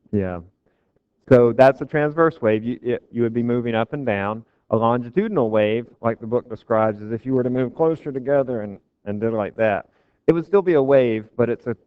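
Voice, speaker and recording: A man's voice: mid-range voice, clean tone, no room sound. A man giving a physics lecture to a class, casual and joking with his students. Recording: dull, dry lecture recording.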